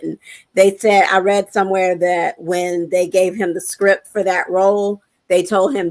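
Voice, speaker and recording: A woman co-hosting a casual chat podcast over a video call, recounting things in an earnest, relaxed way. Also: fairly low pitch, creaky, dry recording. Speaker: podcast co-host.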